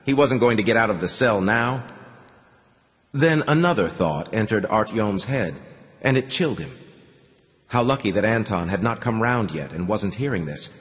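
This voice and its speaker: A male audiobook narrator with a low voice that swings widely as he reads dramatically. A long reverb trails behind every phrase. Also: lively intonation, moderate pace.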